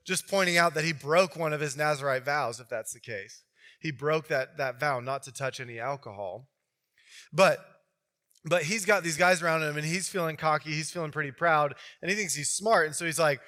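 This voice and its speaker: A male pastor preaching in a loose, conversational style, voice bright and forceful, pitched slightly high. He tells the story with lively, animated asides. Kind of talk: sermon.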